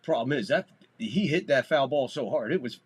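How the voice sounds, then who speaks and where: This husky, mid-range male voice moves at a normal speed with lively intonation. He's the host of a live baseball stream, calling the action casually, chatting loosely, cursing without restraint, and raising his volume on big plays.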